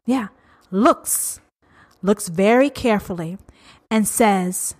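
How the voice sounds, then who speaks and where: A woman's voice: medium pitch, expressive. A woman hosting a solo podcast, speaking bluntly and profanely, drawing out her words and talking straight to her listeners. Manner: blunt, profane, emphatic and drawn-out. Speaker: podcast host. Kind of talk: uncensored solo podcast rant.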